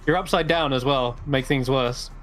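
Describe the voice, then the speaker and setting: Male dungeon master, relaxed rambling narration, mid-pitched voice, faint music underneath. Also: moderate pace. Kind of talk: narrating a tabletop game.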